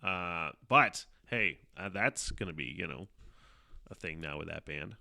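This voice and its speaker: Solo podcast host, male, bright forceful tone, foul-mouthed rambling storyteller who keeps laughing. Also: low voice, animated, measured pace, gravelly. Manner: profane, rambling, laughs often.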